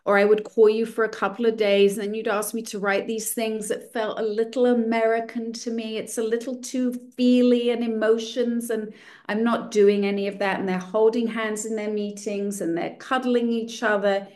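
A woman's voice: a little high, flat delivery, moderate pace, darkish tone. A woman telling her own recovery story at a meeting, candid and self-mocking with dry humor. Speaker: speaker sharing a recovery story. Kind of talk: personal testimony at a recovery meeting.

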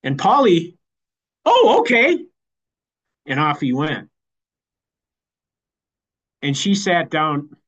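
A man giving a personal recovery share as the keynote speaker, halting and repeating words as he goes. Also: on the high side, fairly bright tone. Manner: halting, repeats words while finding them. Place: online meeting.

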